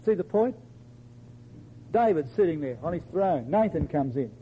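A man preaching a sermon to his congregation, emphatic, quoting scripture in old-fashioned wording and dropping softly at the ends of phrases. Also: animated, moderate pace, slight background noise, poor audio. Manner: emphatic, addresses listeners as brethren and sisters; drops to a soft low voice at the ends of phrases.

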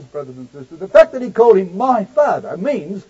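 A male preacher delivering a sermon, swinging from loud declaiming to near-hushed asides. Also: high-pitched, very animated, a little fast, husky. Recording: dull lo-fi recording.

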